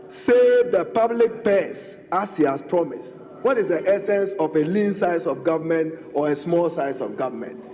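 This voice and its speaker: A man's voice: a little high, animated, moderate pace, a little mellow. A middle-aged man with a Ghanaian accent, a member of parliament giving a formal, emphatic debate speech and repeatedly addressing the Speaker. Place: large parliament chamber. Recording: dull reverberant chamber broadcast.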